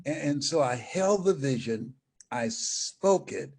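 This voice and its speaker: Older male speaker, husky, very animated storyteller who acts out every voice in the anecdote. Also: fairly high pitch, slow. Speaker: motivational speaker, guest. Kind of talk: storytelling interview.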